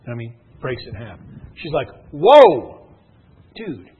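Slightly rough and a little fast, a man's mid-range voice comes through tinny, phone-like audio as he motivates a live room at a sales meeting. He tells stories, repeats himself emphatically, and lets his intensity swell and ease to push the audience.

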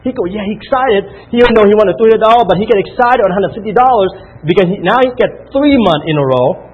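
A man giving a motivational talk at a sales meeting, counting out loud and peppering the room with questions. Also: sits high, lively intonation, fast talker, slightly rough. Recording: tinny phone-like audio.

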